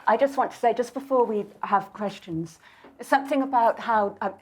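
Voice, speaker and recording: A woman hosts a live conversation at a bookshop event. Her voice sits a little high, and she states her views crisply with a wry, assertive edge. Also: normal speed, a little mellow, slight background noise. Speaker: host and interviewer. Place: bookshop event before an audience.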